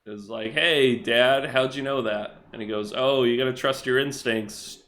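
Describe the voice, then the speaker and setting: A man's voice: mid-range voice, steady tone, normal speed, fairly bright tone. A man co-hosting a podcast, recapping comic book plots in casual chat and laughing often. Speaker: podcast co-host.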